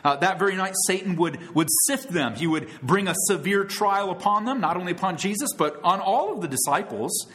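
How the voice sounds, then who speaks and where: A man's voice: expressive, a little fast, few pauses. Earnest preacher man with rising emphasis. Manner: earnest preaching, with sudden rises in pitch and loudness for emphasis; adds tag questions and asides to scripture quotes. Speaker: pastor. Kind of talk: expository sermon.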